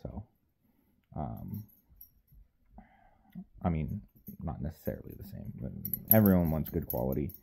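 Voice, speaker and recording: A man's voice: very deep voice, big pitch swings, a little slow, gravelly, pauses often, warm tone, slight background noise. A man who is a powerlifter and audiobook narrator, talking in a casual vlog with a wry, joking, self-deprecating manner.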